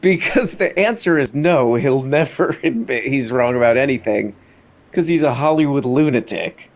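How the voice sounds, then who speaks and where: A man's voice: mid-range voice, lively intonation, moderate pace. A man casually commenting on an interview clip during a live stream, laughing often and mimicking the people in it.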